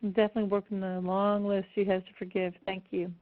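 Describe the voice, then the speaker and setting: A woman presenting an online seminar, tender and close to tears as she speaks warmly to her attendees. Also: mid-range voice, little pitch movement, quick pace. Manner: warm, affectionate address to attendees. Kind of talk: live online seminar talk. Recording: tinny phone-like audio.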